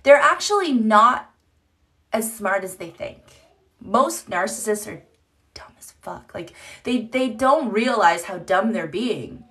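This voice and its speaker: A woman's voice: mid-range voice, expressive, slow pace, fairly bright tone. A woman in her thirties hosting a casual live-stream chat from home on her phone, chatty, laughing often and swearing freely. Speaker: livestream host. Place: home, indoors.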